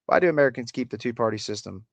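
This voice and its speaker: A man's voice: medium pitch, expressive, rapid-fire, gravelly, dry recording. A man with a slight Appalachian country accent, hosting a casual livestream, reading chat aloud and answering with crude, sarcastic swearing.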